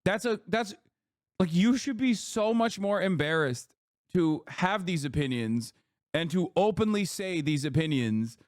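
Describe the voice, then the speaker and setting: A man's voice: high voice, animated, a little slow, dry recording, studio quality. A man giving heated, scornful reaction commentary on a video, swearing often.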